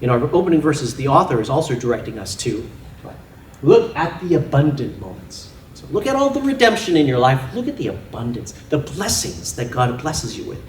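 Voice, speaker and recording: A man preaching a sermon in a church, animated and often laughing as he makes his points with props and playful sound effects. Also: medium pitch, fairly quick, reverberant, distant mic, slight background noise. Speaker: pastor. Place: church sanctuary.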